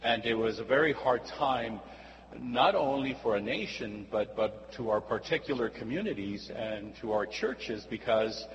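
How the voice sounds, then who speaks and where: A man's voice: medium pitch, a bit bright. Man preaching a chatty sermon. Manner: conversational, asks "right?" often, acts out dialogue. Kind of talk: sermon with storytelling. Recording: dull, reverberant recording with faint hum.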